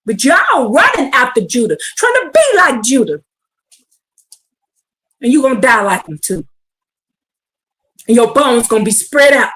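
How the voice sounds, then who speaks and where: High, lively woman preaching with slang. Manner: preaching with slang and rising shouts. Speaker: bible teacher. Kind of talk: streamed bible class sermon.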